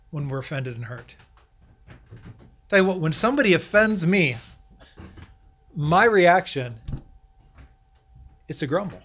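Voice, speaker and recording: Man preaching with animated questions. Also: fairly high pitch. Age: middle-aged. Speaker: pastor. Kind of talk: sermon.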